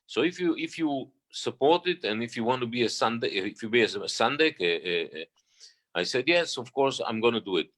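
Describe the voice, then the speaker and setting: A man, a guest stage singer, telling a personal story in an interview with many restarts. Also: mid-range voice. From Israel. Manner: halting, restarts often, animated retelling.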